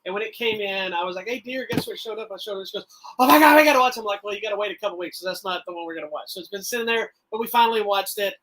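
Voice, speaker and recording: A middle-aged man co-hosting a podcast, telling stories in a rambling, animated way with frequent restarts. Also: high-pitched, racing, hardly any pauses, low-quality recording. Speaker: podcast co-host. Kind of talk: casual chat.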